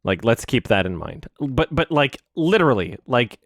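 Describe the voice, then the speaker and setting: A man's voice: mid-range voice, big pitch swings, moderate pace, no echo, studio quality. A man from Canada, ranting on a livestream in a heated, profane, emphatic way. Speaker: streamer. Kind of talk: angry livestream rant.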